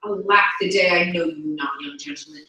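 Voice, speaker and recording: A woman's voice: lowish voice, big pitch swings, fairly quick, bright, forceful tone. A woman reading a play aloud, voicing an old half-blind peasant father who pleads earnestly. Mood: pleading. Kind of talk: live read-aloud of a play. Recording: echoey room, distant mic.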